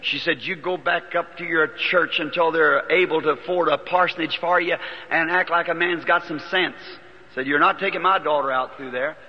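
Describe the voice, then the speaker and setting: This archival sermon, recorded dull and lo-fi with long reverb in a large hall, features a man in his 50s speaking at a moderate pace in a fairly high, steady voice. Before his congregation, he folksily recounts his life story and imitates the people in it.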